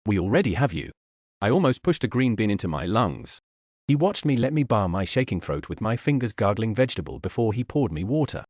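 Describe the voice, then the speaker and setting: Man reading a novel with lively pitch. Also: a little fast, no room sound, studio quality. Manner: lively, animated reading with voiced characters. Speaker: audiobook narrator. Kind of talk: scripted narration.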